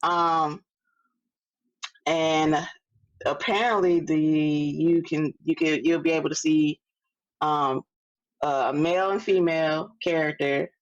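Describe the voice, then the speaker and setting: A woman's voice: deep voice, dry recording. Woman, casual podcast chat, lots of ums, dull lo-fi recording. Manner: relaxed, halting, lots of fillers. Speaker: podcast co-host. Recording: dull lo-fi sound.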